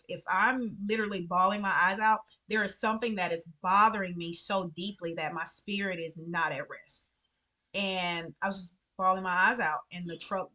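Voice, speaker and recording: Earnest bright-voiced woman vlogger. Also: lowish voice. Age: adult with children. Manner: earnest, animated, repeats phrases for emphasis. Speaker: vlogger sharing favorite books. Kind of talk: casual heartfelt chat to camera.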